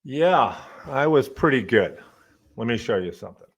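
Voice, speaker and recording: In a casual storytelling monologue on his own podcast, a middle-aged college professor speaks lively in a mid-range, slightly rough voice at a moderate pace. He swears now and then and mutters to himself while adjusting his desk mic.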